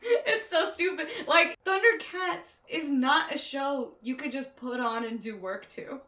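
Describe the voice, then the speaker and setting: Bright-voiced woman chatting about cartoons, laughs a lot, swears, roomy echo. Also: sits high, a little slow, distant mic. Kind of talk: casual chat.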